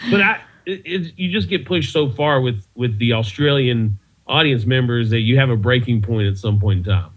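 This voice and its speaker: A man's voice: medium pitch, normal speed, few pauses. A man, a comedian and podcast guest, telling stories in a loose, rambling way and chuckling at his own tales. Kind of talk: casual storytelling interview. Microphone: video call. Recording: muffled video call audio.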